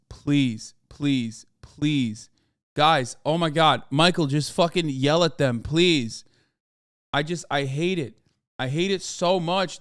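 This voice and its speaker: A man in his thirties reacting on a livestream, his voice pitched a little high and very clean, with a smooth, resonant tone. He talks casually, swears constantly, and works himself into exasperated rants. The sound is dry and close to the mic. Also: a bit bright, no echo. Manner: profane, ranting, exasperated. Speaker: streamer.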